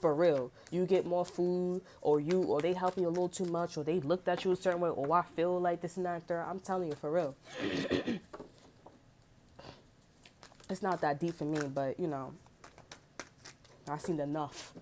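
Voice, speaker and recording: A woman's voice: on the low side, fairly even intonation, moderate pace, warm tone, a little hiss or hum. Blunt, profane woman talking street slang. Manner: frequent throat clearing. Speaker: tarot reader. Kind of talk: casual unscripted tarot reading monologue.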